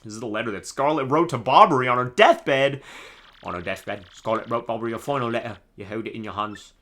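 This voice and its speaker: A man voicing a guilt-ridden male tavern keeper from a game, putting on a British accent and speaking in a hushed, confessional way. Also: mid-range voice, fairly quick. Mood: grave. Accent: put-on British.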